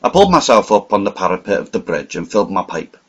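A man narrating an audiobook in a measured, vivid storytelling manner. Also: lowish voice, very animated, slightly rough. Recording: slightly muffled lo-fi recording.

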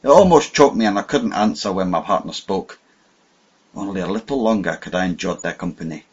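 Male audiobook narrator, lowish husky voice, measured dramatic delivery; muffled recording. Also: expressive. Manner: measured, dramatic first-person reading. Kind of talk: scripted narration. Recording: dull lo-fi audio.

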